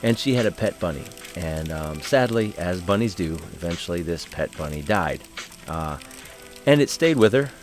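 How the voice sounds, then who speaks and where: Man host, lowish voice, casual devotional talk with storytelling and fillers, slowing down for reflective points. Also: lively intonation, soft background music. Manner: slows and softens for reflective points. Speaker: host and Bible study leader.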